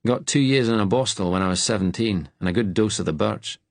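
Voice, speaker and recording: A man's voice: lowish voice, a little fast, dry recording, voice pushed up, lightly acted. A man voicing a blunt, joking working-class Scottish man with a Scottish accent in an audiobook. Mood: wry. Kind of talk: audiobook character voice.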